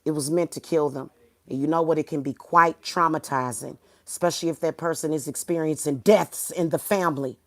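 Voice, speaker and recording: Spiritual channel host, woman, preachy and profane, low-pitched, crickets in the background. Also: steady tone, a little fast, dry recording. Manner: blunt, profane and preachy, swinging from soft to loud. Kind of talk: heated monologue to viewers.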